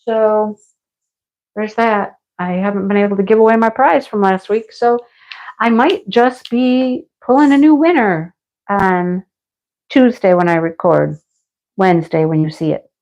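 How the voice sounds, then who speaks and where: A woman's voice: mid-range voice, a little mellow. A middle-aged woman hosting a craft livestream, chatting casually and answering viewer comments, rambling, laughing often and turning a little snarky. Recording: dull lo-fi home stream audio.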